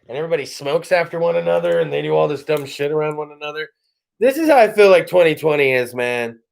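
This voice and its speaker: High-voiced profane man hosting a live show. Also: expressive, fast, vocal fry, darkish tone. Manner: rambling, profane, slips into mock voices and laughs. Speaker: podcast host. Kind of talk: profane live-stream comedy chat. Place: home studio.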